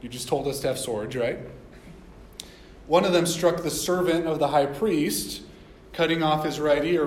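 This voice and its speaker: A man's voice: a little high, a little mellow, roomy sound, slight background noise, low-quality recording. A man preaching a sermon, reading scripture aloud and explaining it in a conversational way, often asking the listeners questions. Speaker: pastor.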